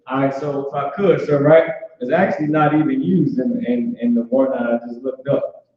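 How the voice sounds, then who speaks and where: A man teaching an informal online language class, talking loosely with many restarts and filler words like "boom". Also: level tone, moderate pace. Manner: loose, conversational, repeats "boom" and restarts often. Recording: echoey, dull online call audio.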